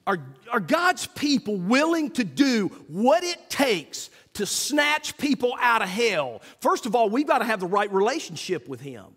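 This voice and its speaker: Middle-aged pastor guy preaching, high voice that swings all over, church reverb. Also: measured pace, few pauses. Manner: animated storytelling, acts out quotes loudly. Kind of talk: sermon. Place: church sanctuary. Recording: long reverb of a church hall.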